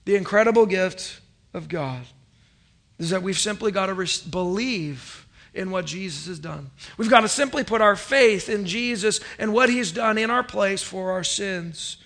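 A male pastor delivers a sermon in a high, lifted voice with a bright, ringing edge. He swings from emphatic declarations to soft, close asides and calls on the congregation to answer him. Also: moderate pace.

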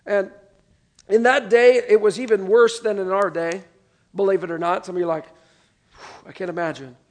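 A man's voice: high-pitched, normal speed. A man preaching a sermon, reading scripture aloud and asking the congregation to repeat words back to him. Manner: animated, call-and-response with congregation. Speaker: pastor.

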